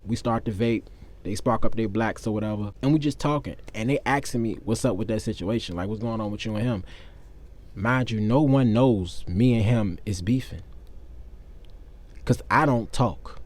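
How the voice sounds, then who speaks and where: A man's voice: mid-range voice, darkish tone. A young man telling a personal story to his viewers in a candid, profane, conversational way. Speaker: vlogger. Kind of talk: casual storytelling.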